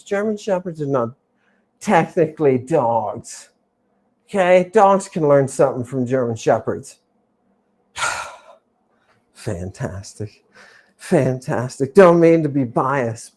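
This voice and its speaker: A woman hosting a livestreamed lecture to her chat audience, theatrical and repeating key words for emphasis, swinging between loud exclamations and quiet asides. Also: fairly low pitch. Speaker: host.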